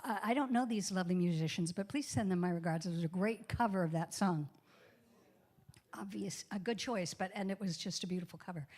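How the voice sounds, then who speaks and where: A woman's voice: mid-range voice, brisk, a little mellow. Woman, guest minister, casual sermon, joking, chatty, spells words out, church.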